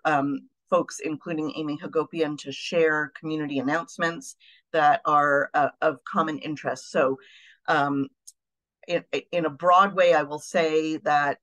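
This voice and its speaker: A woman's voice: low voice, fairly bright tone, poor audio. Earnest woman giving an advocacy update. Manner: earnest, conversational with frequent ums. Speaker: advocacy staff presenting at a meeting. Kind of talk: meeting update.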